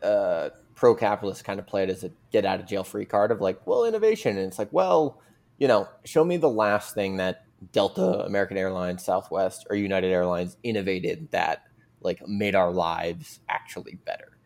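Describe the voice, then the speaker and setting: Low gravelly-voiced man, rambling guest. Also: normal speed, a little mellow. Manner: rambling, filler-heavy, earnest. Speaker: podcast guest. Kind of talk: casual conversational argument.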